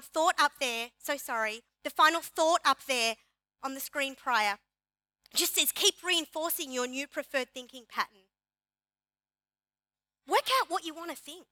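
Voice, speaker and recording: Aussie lady pastor preaching, animated and emphatic, dry close sound. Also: high voice, no room sound. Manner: animated, emphatic, repeats key phrases. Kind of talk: sermon. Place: church.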